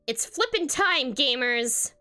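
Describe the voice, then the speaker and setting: A woman reading out the lines of a boastful young woman speedrunner who yells in triumph. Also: high-pitched, expressive, slow, clear, resonant tone, full character voice. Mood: triumphant. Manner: shouting, boastful.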